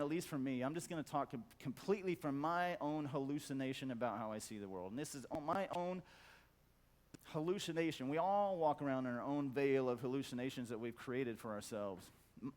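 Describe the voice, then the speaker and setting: A man's voice: animated, a little fast. A middle-aged man giving a profane conference talk, blunt and emphatic, stacking repeated words for effect. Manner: acts out quoted voices in a loud high squawk. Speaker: conference speaker. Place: conference hall.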